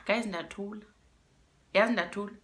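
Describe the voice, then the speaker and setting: A young South African woman with a South African accent telling a storytime vlog, animated and switching between English and isiXhosa phrases. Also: medium pitch, moderate pace. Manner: animated, mixes in isiXhosa phrases, addresses viewers as guys. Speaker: YouTuber.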